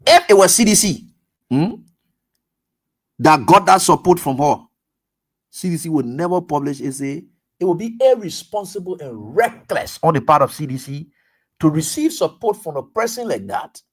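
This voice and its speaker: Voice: medium pitch, sing-song, normal speed, slightly rough. A radio talk host, giving political commentary in an emphatic way, full of repetition and rhetorical questions.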